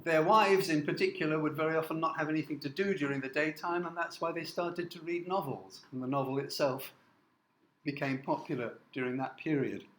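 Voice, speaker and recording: A man from the north of England giving a classroom lecture, halting with many fillers and often asking "okay?". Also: on the high side, echoey room, a little hiss or hum, low-quality recording. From Newcastle, north of England. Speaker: university lecturer.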